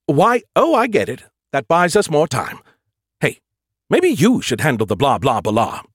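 A man voicing a sarcastic, boastful male AI companion with a snarky, lively way of talking for an audiobook. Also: fairly high pitch, measured pace, husky, dry recording, studio quality, voice pushed up, heavily acted.

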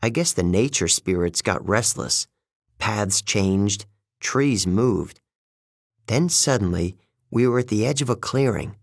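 Male storyteller, low-pitched and husky, measured first-person narration. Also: animated, dry recording, clean studio sound. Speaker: audiobook narrator.

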